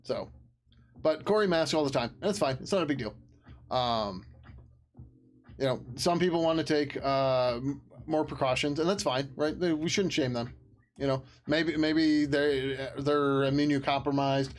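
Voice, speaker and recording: Male streamer, fairly high voice, loose rambling delivery, casual swearing, worn out. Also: normal speed. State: tired. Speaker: open source developer streaming his work. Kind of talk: casual live-stream chat.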